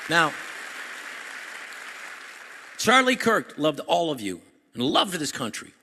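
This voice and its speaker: A man giving a jokey, animated speech to a crowd at an event, repeating his phrases. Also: fairly high pitch, slow pace, background noise. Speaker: comedian speaking at an event. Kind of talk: stand-up style speech to a crowd. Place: large event hall. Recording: echoey hall recording.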